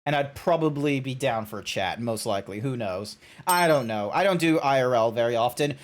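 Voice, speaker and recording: A man's voice: medium pitch, animated, brisk, few pauses. Young Australian man, loose chatty streamer who rambles, restarts and swears, mid-range voice. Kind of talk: casual game-stream chat.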